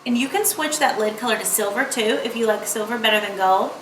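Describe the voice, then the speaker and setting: A woman's voice: on the high side, a little fast, a bit bright, a little hiss or hum. A young woman, chatting playfully through a makeup tutorial. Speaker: beauty vlogger. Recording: echoey room.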